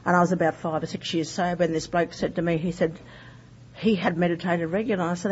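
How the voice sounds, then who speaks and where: A woman's voice: fairly low pitch, little pitch movement, fast talker. A woman sharing her recovery story in a candid, rambling way, full of fillers. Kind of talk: personal testimony. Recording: dull lo-fi recording with faint noise.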